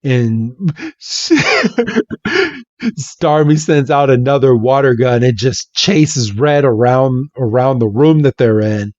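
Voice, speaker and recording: Man podcast host, chatty story recap, unhurried, dry dull lo-fi sound. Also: mid-range voice, darkish tone, no room sound. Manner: chatty, runs phrases together with "he's like". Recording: dull, muffled lo-fi recording.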